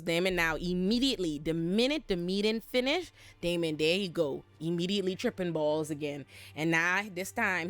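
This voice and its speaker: A woman's voice: on the low side, a bit bright, clean tone. A woman giving a profane, comic recap of a TV episode, slipping into character voices. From Bahamas. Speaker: TV show recap host. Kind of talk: casual comedic recap.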